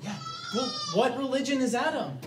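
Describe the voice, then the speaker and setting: High-voiced young man joking. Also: normal speed. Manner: joking, laughing. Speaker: student in comedy sketch. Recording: roomy, distant, noisy crowd.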